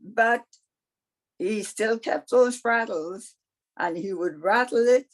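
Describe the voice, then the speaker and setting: A woman's voice: a little high, takes it slowly. A woman storyteller telling a folktale in a conversational way with wry asides, over a video call.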